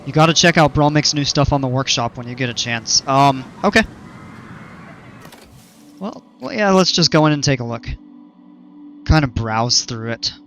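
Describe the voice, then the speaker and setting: A man's voice: medium pitch, moderate pace, a bit bright, a little hiss or hum. A man chatting casually on a live game stream through a headset, chuckling a lot and trailing off mid-sentence.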